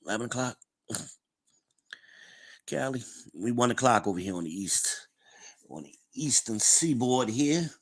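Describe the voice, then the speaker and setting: Hosting a podcast livestream, this man chats casually, reads comments from the chat aloud and laughs often. His voice is medium in pitch and animated, though he speaks a little slowly and pauses often.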